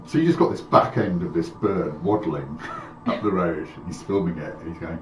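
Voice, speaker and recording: A man with a low voice tells a casual anecdote at a game table, stopping and restarting as he goes. His voice sits far from the mic in an echoey room, with light music behind it. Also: moderate pace. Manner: anecdotal, hesitant. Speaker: player. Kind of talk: casual storytelling. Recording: roomy distant mic with music.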